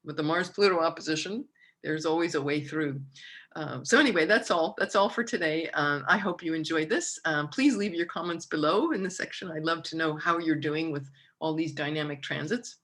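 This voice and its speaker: A woman's voice: low-pitched, moderate pace, fairly bright tone. A middle-aged woman hosting a casual astrology talk, chatty and rambling, with many fillers and restarts, at times close to tears. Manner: emotional, near tears when speaking of her mother. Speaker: astrologer host.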